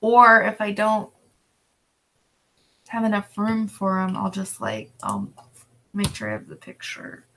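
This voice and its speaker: A woman's voice: mid-range voice, measured pace, vocal fry, pauses often, low-quality recording. A woman vlogging casually while she works on her reselling listings, rambling along and breaking off to talk to her pets. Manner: relaxed, rambling, talks to her pets in between. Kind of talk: casual chat while working. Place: at home with dogs and a cat around.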